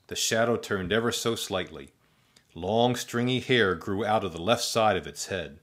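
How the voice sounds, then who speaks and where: Male storybook narrator, low and deadpan, comic asides. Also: normal speed.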